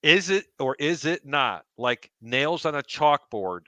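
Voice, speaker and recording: A man banters on a sports talk show, teasing and animated. His voice is bright and forceful, and it sounds dry and close on a studio mic. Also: a little high, measured pace, no room sound. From Chicago area. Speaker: co-host.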